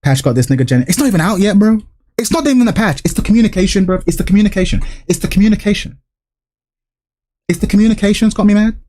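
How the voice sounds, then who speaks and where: A man's voice: high voice, lively intonation, quick pace, mellow. A man streaming, ranting to his chat with exasperated, repetitive, swearing commentary.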